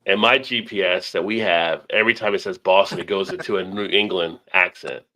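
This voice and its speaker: A man's voice: low-pitched, steady tone, a little fast, pushed and bright. A man hosting a casual live stream chat over beers, rambling and easygoing, laughing often.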